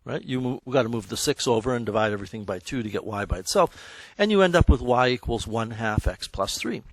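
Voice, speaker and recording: A man's voice: mid-range voice, expressive, a little fast, no echo. Man, math teacher, classroom lecture, conversational, dry close sound. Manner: conversational, self-correcting, checks in with students. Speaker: high school math teacher.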